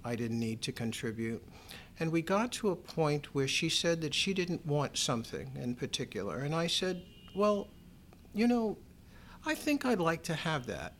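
Speaking in a sing-song way with a fairly bright tone, a middle-aged man recounts a personal story for an interview, measured and wry. He acts out other people's lines at a higher pitch, and a little hiss or hum is audible.

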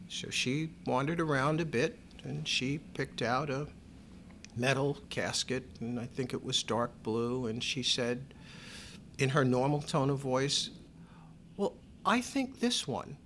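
With a fairly bright tone and a faint hiss or hum behind him, a middle-aged man in an interview relates a personal story. He's measured and wry, lifting his pitch whenever he voices someone else's lines.

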